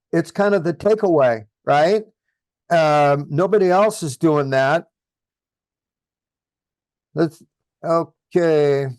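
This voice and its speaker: A man's voice: fairly high pitch, dry recording. A man coaching real estate agents in an online training session, reading sample texts aloud with the punctuation spoken.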